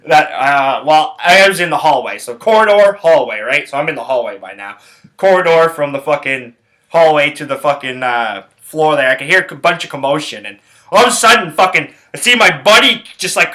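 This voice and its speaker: Swearing young man telling a wild story. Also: fairly high pitch. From Canada. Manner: profane, rambling, animated retelling. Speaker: podcast host. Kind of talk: casual storytelling.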